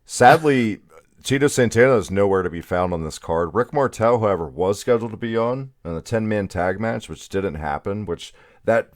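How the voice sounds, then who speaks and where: Wry low-voiced man, dry close sound. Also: expressive, moderate pace, dry recording. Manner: opinionated, wry storyteller. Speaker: podcast guest. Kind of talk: casual chat.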